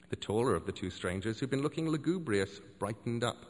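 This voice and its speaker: A man reads a story aloud with wry, expressive delivery and a voice that rises and falls a lot. His voice sits in the middle range. It rings in a long room echo over a faint hiss. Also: mid-range voice, moderate pace, few pauses. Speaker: narrator. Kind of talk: scripted narration of a story.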